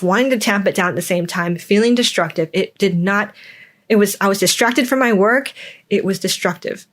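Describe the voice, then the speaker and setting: A young adult woman hosting a podcast, speaking candidly in a reflective personal monologue and acting out the voices in her stories. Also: mid-range voice. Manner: candid, acts out quoted voices. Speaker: podcast host.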